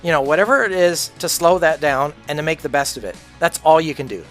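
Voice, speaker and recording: A man's voice: on the high side, a little fast, a bit bright, faint music behind. A man livestreaming a game, ranting casually in a blunt, profane, opinionated way. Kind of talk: casual rant while gaming.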